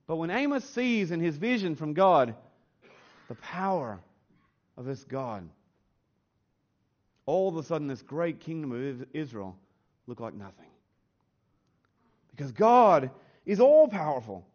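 A man with a notably high voice delivers a church sermon. He talks earnestly and pushes up in pitch and force when he stresses a point. The recording is a bit muffled and lo-fi. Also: very animated, unhurried, long pauses, darkish tone. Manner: earnest, rising in pitch and force on emphatic lines. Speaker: pastor. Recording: slightly dull, lo-fi sound.

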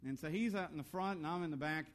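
Earnest, slightly high-voiced male preacher. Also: fast talker. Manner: earnest, lively preaching with rhetorical questions; storytelling about his own youth. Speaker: pastor. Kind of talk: sermon.

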